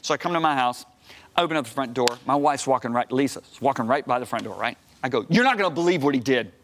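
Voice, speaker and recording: A man in his sixties, a guest preacher on a television studio set, telling a story in an emphatic way that climbs to high, excited outbursts. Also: fast, slight background noise. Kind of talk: animated storytelling on a talk show.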